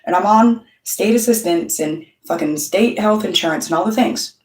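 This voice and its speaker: The channel's host, a middle-aged woman, speaks at medium pitch and normal speed into a distant mic. Her casual monologue to camera is blunt storytelling laced with frequent swearing and quoted voices, in roomy, off-mic sound.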